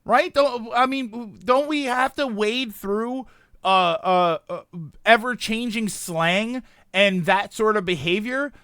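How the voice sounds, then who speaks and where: A man in his thirties talking casually on a stream, rambling and animated, reacting to chat. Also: sits high, takes it slowly, clear, resonant tone, no room sound, studio quality.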